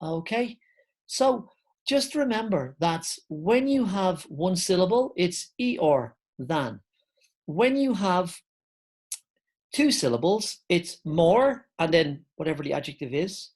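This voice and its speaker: A woman's voice: fairly low pitch, very animated, takes it slowly, darkish tone, slightly rough. A woman teaching an online English grammar lesson, explaining step by step and calling her viewers guys.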